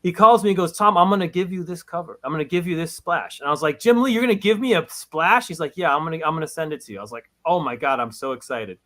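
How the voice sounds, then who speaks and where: A man, a comic book writer, chatting casually in an interview, telling animated stories that swing into laughing exclamations. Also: a little high, fast talker, few pauses.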